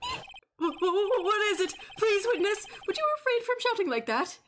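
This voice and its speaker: A woman's voice: very high voice, very animated, normal speed, a little hiss or hum, pitched above the performer's own voice. A woman voicing a timid elderly male judge who stammers and fusses. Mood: startled.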